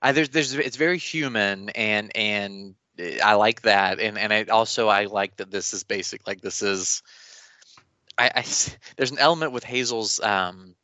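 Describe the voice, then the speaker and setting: A man co-hosting a podcast in casual chat, rambling and animated with many restarts. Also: fairly low pitch, unhurried, dry recording. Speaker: podcast co-host.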